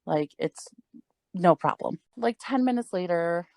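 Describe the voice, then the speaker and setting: A woman's voice: lowish voice, lively intonation, a little slow, gravelly, no echo. A young adult woman co-hosting a podcast, telling a story in a rambling, casual way full of "like" and swearing. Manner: rambling, heavy use of "like", frequent swearing and laughs. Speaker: podcast co-host.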